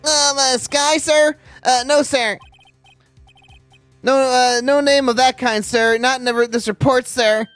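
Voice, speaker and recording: A man's voice: very high voice, steady tone, a little slow, a bit bright, clean tone, no room sound, soft background music, voice pushed up. A man voicing a nervous young male rookie police officer who stammers and keeps saying sir. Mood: flustered. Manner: stammering, eager, over-polite.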